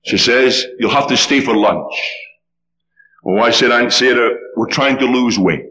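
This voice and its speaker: A man preaching a sermon, telling a story with dramatic, animated delivery. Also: medium pitch, unhurried.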